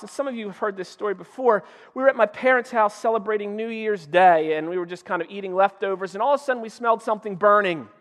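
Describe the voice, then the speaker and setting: A man with a very high voice delivers a sermon from the pulpit, telling vivid stories and swinging from loud urgent outbursts to hushed asides. His voice rings out with a long reverb that fills the church hall. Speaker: pastor. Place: church sanctuary.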